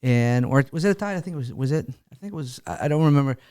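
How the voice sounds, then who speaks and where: This podcast host has a clear, resonant, mid-range voice that is expressive and a little mellow. In a casual interview chat he asks questions eagerly and quickly, with frequent false starts, restarts and laughs.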